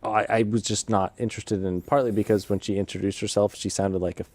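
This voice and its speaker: A man's voice: lowish voice, fairly even intonation, brisk, a little mellow, no echo. A man hosting a podcast who tells a casual story in a rambling way. He keeps interrupting himself and laughs at his own story. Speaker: podcast host.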